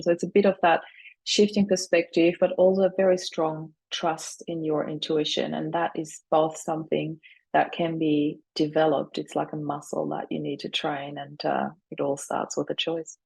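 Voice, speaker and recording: A woman's voice: low voice, little pitch movement, moderate pace, vocal fry, darkish tone, breathy edge, rough recording. A middle-aged woman speaking earnestly as a guest on an interview about grief, drawing on her own experience. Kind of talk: reflective interview answers.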